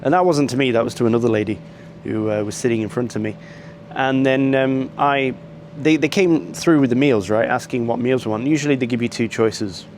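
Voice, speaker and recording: A man's voice: mid-range voice, a little fast, darkish tone, a little hiss or hum. A man, telling a rambling travel story to camera and complaining at length, with frequent ums and restarts. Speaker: travel vlogger.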